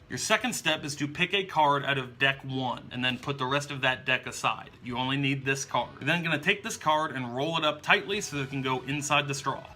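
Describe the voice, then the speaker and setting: A man with a sharp, mid-range voice hosts a magic tutorial. In an upbeat instructional demonstration, he walks through each trick step by step.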